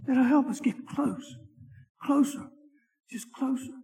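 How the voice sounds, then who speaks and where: A man, a deacon, teaching a Sunday Bible class in church, with an animated, folksy delivery and dramatic scripture reading. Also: very high-pitched, slow, vocal fry, husky, in a large hall.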